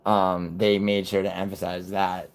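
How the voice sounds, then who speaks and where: A man's voice: deep voice, monotone, unhurried, crowd noise. A man commenting bluntly and profanely while reacting to videos on a live stream.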